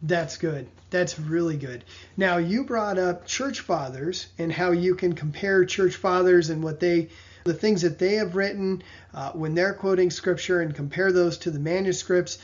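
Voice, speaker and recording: A man's voice: high-pitched, unhurried. A man hosting a casual conversation, asking thoughtful, somewhat hesitant questions. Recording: dull lo-fi audio.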